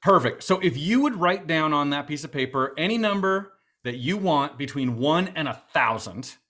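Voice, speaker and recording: Bright-voiced chatty man with a Boston accent. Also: fairly high pitch, lively intonation, moderate pace. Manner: chatty, upbeat, many fillers. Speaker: event host. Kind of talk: virtual fundraiser hosting.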